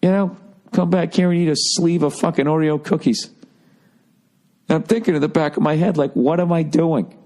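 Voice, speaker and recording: A man's voice: fairly high pitch, a little fast, long pauses. A middle-aged man hosting a podcast, telling a rambling, profanity-heavy story and mimicking people as he goes. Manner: animated, swearing, mimics people. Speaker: comedian podcast host.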